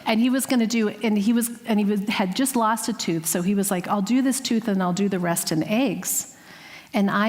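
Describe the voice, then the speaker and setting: Heartfelt woman preaching in a reverberant hall. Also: medium pitch. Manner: earnest, heartfelt, drops to a hushed voice at moments. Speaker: guest speaker. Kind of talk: sermon with personal story. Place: spiritual center sanctuary.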